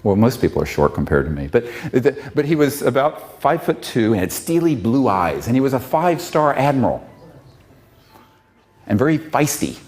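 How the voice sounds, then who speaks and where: A man's voice: medium pitch, sing-song, moderate pace, darkish tone. A man giving an impassioned public talk, fiery and emphatic. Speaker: public speaker.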